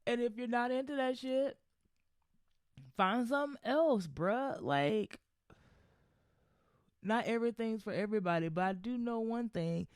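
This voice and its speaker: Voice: mid-range voice, a little slow, long pauses, clear, resonant tone, dry recording, clean studio sound. A podcast host giving solo commentary in a heated, profane, rambling rant. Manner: loose, rambling with restarts.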